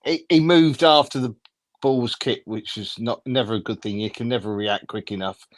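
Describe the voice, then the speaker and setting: A man co-hosting a casual football fan show, talking in a relaxed, matter-of-fact way. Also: medium pitch, normal speed. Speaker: co-host.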